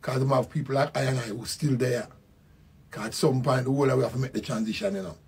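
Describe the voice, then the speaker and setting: An older man with a Jamaican accent giving a slow, reflective spoken tribute, repeating his phrases. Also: medium pitch, darkish tone, slightly rough. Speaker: musician.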